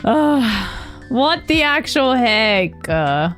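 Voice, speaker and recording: A woman's voice: a little high, sing-song, drawn-out words, fairly bright tone, soft background music. A woman streamer chatting with her viewers on a live stream, bubbly and greeting each by name.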